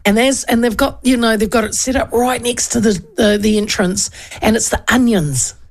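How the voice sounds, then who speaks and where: Chatty middle-aged woman with a gravelly edge. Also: on the high side, moderate pace. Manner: chatty, storytelling, many restarts and asides. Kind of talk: casual chat with rambling anecdotes.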